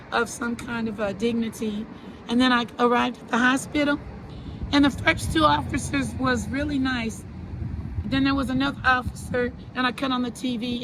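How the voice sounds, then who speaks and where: A woman telling her own story to an interviewer in an earnest, halting way, repeating herself and restarting her sentences. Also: fairly high pitch, noisy background. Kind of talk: personal account in an interview.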